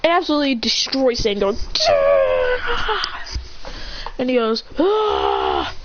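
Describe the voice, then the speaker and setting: A woman's voice: high-pitched, fast talker, lo-fi sound, very noisy. A woman telling a fan-made hero story, rambling and correcting herself as she goes. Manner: rambling, self-correcting, bursts into shouted attack names. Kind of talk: excited fan-fiction retelling.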